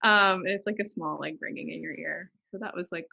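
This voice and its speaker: Woman host, husky and bright, rambling casual chat that often trails off. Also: lowish voice, a little fast, rough recording. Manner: rambling, self-interrupting, drops softer. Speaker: podcast host.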